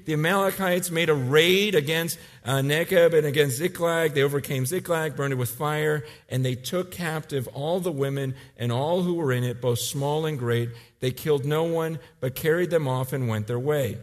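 A man in his forties preaching a sermon, acting out emotional scenes, then turning quiet and earnest. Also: a little high, moderate pace, hardly any pauses, long reverb tail. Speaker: pastor.

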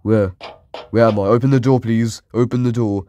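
A man's voice: mid-range voice, steady tone, normal speed, dark tone, slight background noise. A man giving let's play commentary on a horror game, jumpy, shrieking at scares and taunting the enemies. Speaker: gaming YouTuber.

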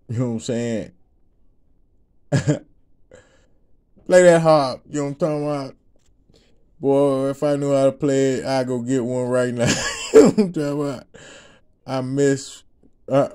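This ministry speaker tells listeners his personal testimony in a relaxed, mellow, medium-pitched voice, talking casually and frequently breaking into laughter. Slang fills his rambling, along with repeated asks of "you know what I'm saying".

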